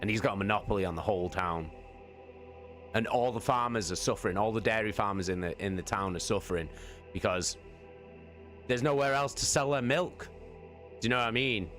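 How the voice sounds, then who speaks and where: A man's voice: lowish voice, brisk, pauses often, a bit bright, faint music behind. A man rambling jokily and swearing as a streamer chats on a live stream. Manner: rambling, jokey, swears a lot. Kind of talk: casual live-stream chat.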